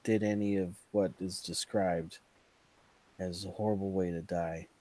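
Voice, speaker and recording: A man voicing a male silver dragon, speaking in an earnest, halting way. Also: low voice, fairly even intonation, mellow. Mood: grieving.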